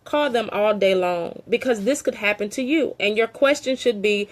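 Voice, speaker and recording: A middle-aged woman speaks directly to her audience in an urgent, heartfelt appeal. Her voice sits at an ordinary medium pitch. She presses her points through repetition and scattered fillers, earnest and emphatic throughout. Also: moderate pace, few pauses. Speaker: family member speaking out on a land dispute. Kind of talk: impassioned direct-to-camera appeal.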